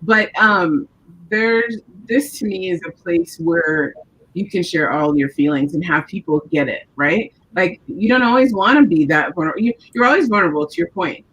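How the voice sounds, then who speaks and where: A woman's voice: on the low side, moderate pace, fairly bright tone, husky, rough recording. A woman speaking earnestly as a panelist in a casual online discussion over a video call. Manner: earnest, reflective, laughs while talking.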